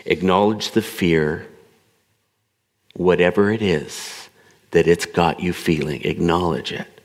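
Gravelly low-voiced man in a reverberant hall. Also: slow. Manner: calm, coaching, acts out inner dialogues. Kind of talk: spoken talk to a gathered audience.

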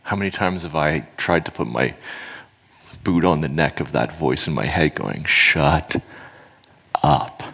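A man's voice: extremely low pitch, moderate pace, gravelly, slightly rough. A man in his fifties speaking earnestly and reflectively to a gathering, sharing personal experience. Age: 50s. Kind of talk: reflective spoken talk to an audience.

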